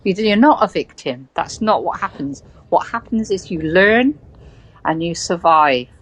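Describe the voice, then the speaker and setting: A woman's voice: lowish voice, animated, measured pace, slightly rough, rough recording. A British woman with a West Country accent, a guest in a conversational interview, speaking earnestly and repeating points for stress. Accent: West Country English. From Britain.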